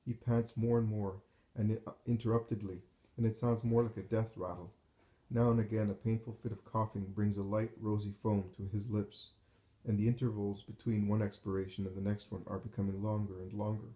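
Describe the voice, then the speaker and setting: Give me a solemn male narrator reading devotional text, low and mellow, with a roomy echo. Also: little pitch movement. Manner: slow, solemn, measured reading.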